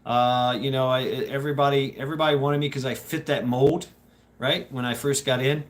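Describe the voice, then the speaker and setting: A man hosts a casual live stream and chats loosely with his viewers. He swears freely, laughs often and trips over his own sentences as he rambles on, his voice sitting at an ordinary middle pitch. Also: fairly even intonation, moderate pace. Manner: profane, laughing, rambling with many restarts. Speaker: streamer host.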